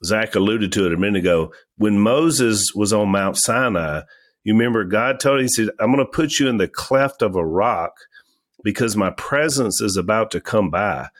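A man hosting a podcast, retelling a Bible story in a steady, casual way. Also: on the low side, normal speed. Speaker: podcast host, reads the ad. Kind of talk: ad read and casual Bible chat.

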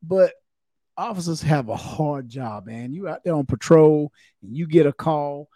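A man's voice: on the high side, a little slow, warm tone, dry recording, clean studio sound. A man, a former cop turned comedian, co-hosting a podcast in loose, profane, casual chat and acting out voices.

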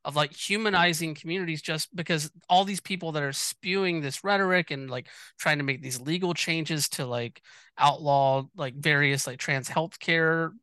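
Bright, earnest conversational voice. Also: medium pitch, normal speed, no room sound. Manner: earnest, frequent "like". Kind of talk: casual conversation.

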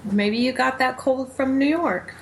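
A woman's voice: high voice, a little slow, vocal fry. A woman co-hosting a talk radio show, teasing her partner and laughing easily. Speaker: radio co-host. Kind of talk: casual radio banter.

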